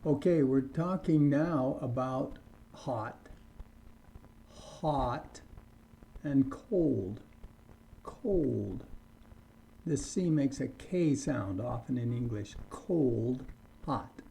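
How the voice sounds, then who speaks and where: A man teaching an online English lesson, speaking slowly and deliberately and repeating words for learners to copy. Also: mid-range voice, animated, vocal fry, mellow, rough recording.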